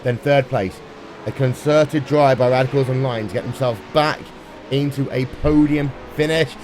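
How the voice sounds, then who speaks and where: A man calling a sim race live, brisk and playful, with dry jokes. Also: mid-range voice, darkish tone, slight background noise. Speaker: sim racing commentator. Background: music playing underneath.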